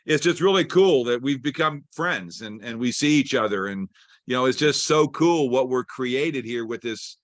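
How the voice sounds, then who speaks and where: A man's voice: medium pitch, expressive, moderate pace, no room sound. A man hosting the show in casual chat, thanking and praising his guests effusively. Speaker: host.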